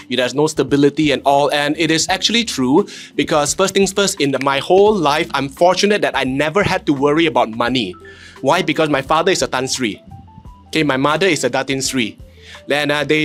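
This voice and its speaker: A man from Penang speaking Malaysian English, telling stories animatedly on a panel with joking "lah" tags. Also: on the high side. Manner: animated storytelling with frequent "lah" tags and self-deprecating jokes. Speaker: content creator, panel guest. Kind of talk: casual panel talk.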